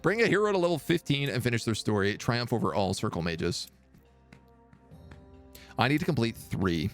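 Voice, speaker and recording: A man's voice: mid-range voice, sing-song, moderate pace. A man streaming a strategy game, musing aloud as he weighs options. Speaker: live streamer. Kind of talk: gameplay commentary. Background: game music.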